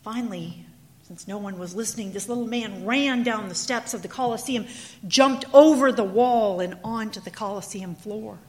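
A woman preacher telling a story in her sermon, in an animated, dramatic manner. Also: mid-range voice, moderate pace. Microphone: handheld or clip mic.

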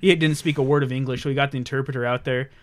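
A man's voice: mid-range voice, steady tone, racing. A man telling a war story from his service in casual chat with friends, profane and acting out the people he quotes.

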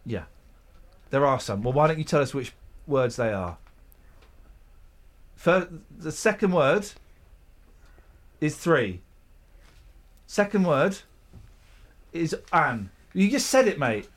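Lively, teasing man. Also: a little high. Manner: sarcastic, teasing, quick-firing guesses. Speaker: studio host running charades. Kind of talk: casual banter during a guessing game. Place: studio room.

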